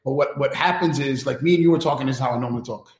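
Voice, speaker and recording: A man's voice: mid-range voice, racing, reverberant. A man, a technology strategist, talking candidly and with energy in a casual interview, often checking in with "right?". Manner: candid, animated, many restarts and "right?" tags. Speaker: guest, enterprise technology strategist.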